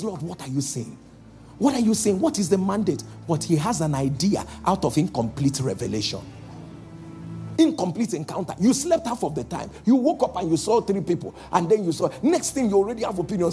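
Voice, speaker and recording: A man preaching a sermon as pastor, calling out to the congregation and slowing down for emphatic lines. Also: sits high, sing-song, soft background music. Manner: calls out to the congregation, shifting between loud exhortation and slow emphatic lines.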